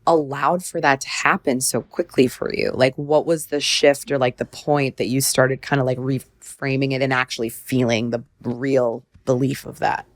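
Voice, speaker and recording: A woman's voice: extremely low pitch, fairly even intonation, moderate pace, few pauses. A woman hosting a podcast, casual and reflective, affirming her guest often. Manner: supportive listener, frequent affirmations, reflective. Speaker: podcast host. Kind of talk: casual conversational interview.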